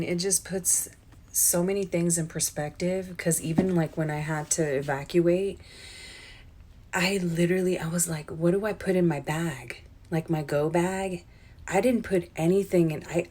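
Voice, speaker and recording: A woman's voice: low-pitched, darkish tone. A young woman telling a personal story in a vlog, chatty and emotional, filling her talk with "like" and "um," and getting teary-eyed as she speaks. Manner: chatty and emotional, with many "like" and "um" fillers. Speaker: vlogger. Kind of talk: personal life-update vlog.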